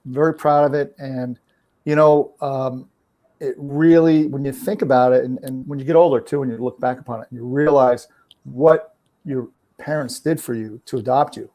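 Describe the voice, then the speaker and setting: A man's voice: mid-range voice, steady tone, moderate pace, gravelly, mellow. Man, New Jersey accent, middle-aged, guest, casual chat, easygoing, joking. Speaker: guest trainer.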